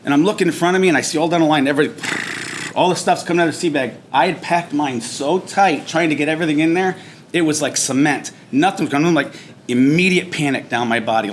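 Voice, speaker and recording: A man's voice: fairly high pitch, fast talker, slight background noise. Man telling a boot camp story. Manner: animated storyteller, acts out shouted drill instructor lines. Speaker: veteran speaker. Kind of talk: personal storytelling speech. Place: banquet hall at a veterans breakfast.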